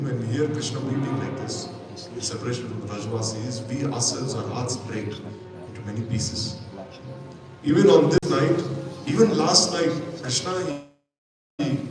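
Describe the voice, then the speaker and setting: A man retelling a scripture story to an audience at a morning class, voicing the characters' words with rising emphasis. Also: medium pitch. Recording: echoey hall, mic far off, audience.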